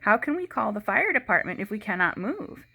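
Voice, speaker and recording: A worried, fretful housewife who pleads for help, as a woman reading aloud puts her on. Her voice rises anxiously. Storybook read-aloud, lively delivery. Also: mid-range voice, a little fast, vocal fry, exaggerated voice.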